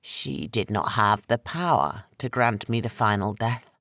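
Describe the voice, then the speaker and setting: A man voicing an ancient, menacing sorcerer with slow, heavy, rasping speech for an audiobook. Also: on the low side, sing-song, sharp tone, no echo, studio quality, heavily acted.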